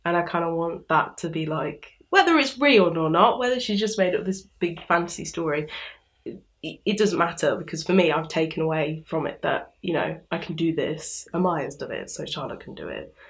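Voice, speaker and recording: A young woman from England talks casually in an interview, her voice sitting a little low. She laughs often and slips into little acted-out quotes of her own thoughts. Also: normal speed. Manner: chatty, laughs often, animated quoting. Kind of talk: casual chat.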